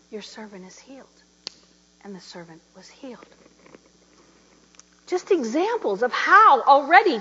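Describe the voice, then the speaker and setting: A woman's voice: high voice, slight background noise. A middle-aged woman minister giving a sermon, telling stories and acting out the voices of the people in them. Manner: animated, laughing, acting out quoted voices. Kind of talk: sermon with storytelling. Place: church sanctuary. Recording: dull reverberant hall recording.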